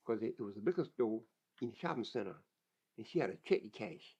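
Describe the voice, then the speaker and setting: Older guy telling his story in an interview, gravelly warm voice, repeats words a lot, dull lo-fi recording. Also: fairly low pitch, lively intonation, quick pace. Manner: plain-spoken, vivid testimony with repeated words.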